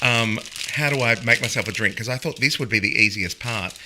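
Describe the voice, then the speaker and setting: A man's voice: mid-range voice, a little fast, background noise. A man hosting a cabaret show from home, chatting in a rambling way between plugs and asides. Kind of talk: chatty live-stream banter.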